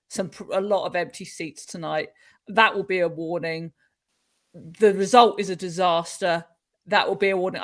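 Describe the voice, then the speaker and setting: A woman speaking as a guest on a casual football podcast, giving firm, emphatic opinions. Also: lowish voice.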